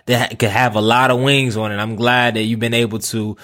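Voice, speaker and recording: A man's voice: mid-range voice, level tone, fairly quick, fairly bright tone. A man hosting a casual podcast, eager and friendly, stumbling over repeated words and calling his guest "man". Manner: eager, stammering restarts, calls guest "man" and "bruh". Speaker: podcast host.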